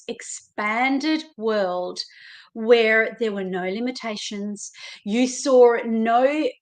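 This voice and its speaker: A woman with an Australian accent gives a motivational talk to her viewers. Her voice sits a little high and she takes her time, leaning hard on key words and addressing the listener directly. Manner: emphatic, animated, speaks directly to listener. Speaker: self-help coach.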